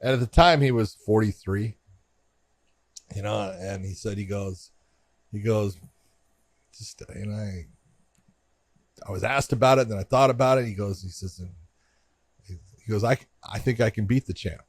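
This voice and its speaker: A man's voice: lowish voice, normal speed, pauses often, no echo. A middle-aged man, a referee and podcast co-host, telling a rambling anecdote and acting out both sides of the conversations. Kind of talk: casual storytelling on a podcast.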